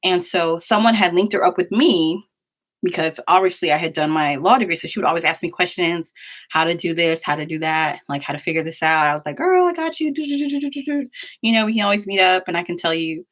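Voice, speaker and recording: A young woman with a somewhat low voice tells a story from her life in a loose, chatty way. She fills her sentences with "like" and breaks off into quick asides as she goes. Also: fairly even intonation, fairly bright tone. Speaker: vlogger. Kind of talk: casual storytelling.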